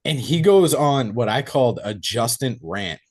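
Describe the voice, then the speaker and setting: A man's voice: mid-range voice, a little slow. A young man casually recapping a horror film's plot on a podcast, quoting the characters in shifting voices as he goes. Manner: animated retelling, quoting characters in changed voices. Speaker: podcast co-host.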